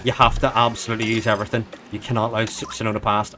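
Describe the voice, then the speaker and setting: A man streaming a racing management game, commenting in a frantic, pleading way that swings from hushed to yelling. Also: lowish voice, little pitch movement, racing, very noisy. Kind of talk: excited live gameplay commentary.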